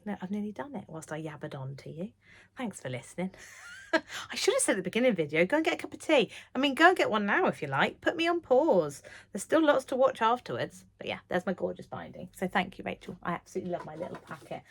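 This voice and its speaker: A woman in her thirties chatting to camera about sewing from her home sewing room, gushing and chatty, sometimes dropping to a whisper. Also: on the low side. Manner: gushing, chatty, drops to whispers when excited. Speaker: sewing vlogger. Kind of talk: casual chat to camera.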